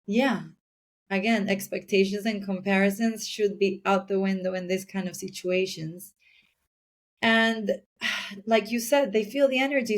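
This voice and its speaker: A woman speaking as a podcast guest in an earnest, conversational way about raising kids. Her voice sits in an ordinary middle pitch, and she warms to her points by acting out small scenes. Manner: earnest, acts out little scenes in other voices. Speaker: parenting guest. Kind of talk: casual podcast chat.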